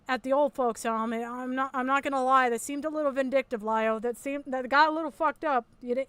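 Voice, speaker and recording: A woman's voice: high voice, fairly bright tone, clean tone, no echo. A woman hosting a commentary video, mocking and sarcastic, swearing a lot as she talks over a recorded call.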